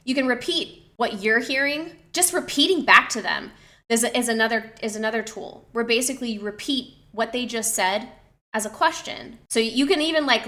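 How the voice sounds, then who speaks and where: A woman's voice: on the high side, a bit bright. A young woman streamer chatting to her live chat, reflective and loose, with many fillers and restarts. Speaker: streamer and personal trainer.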